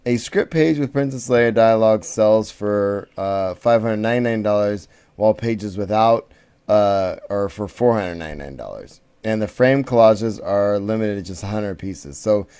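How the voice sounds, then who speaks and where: Male podcast co-host, casual and rambling, low-ish and smooth. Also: moderate pace, mellow. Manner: rambling, lots of fillers and restarts. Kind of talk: casual chat.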